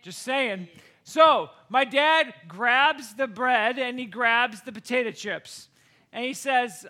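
Speaking directly to the camera, this middle-aged vlogger spins a homey tale in a bright, high voice and takes his time with it. He's lively, leaping into the voices of the story's characters with dramatic shifts, and the tone never stops being relaxed and conversational.

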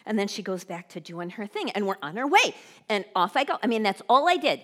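A woman preacher telling a humorous personal story in a sermon, brisk and animated. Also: mid-range voice.

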